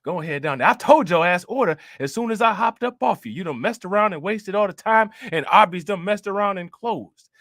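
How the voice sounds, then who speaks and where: A man putting on the voice of a bossy woman barking orders, low and mocking. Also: expressive, a little fast, hardly any pauses, a bit bright, no room sound, studio quality.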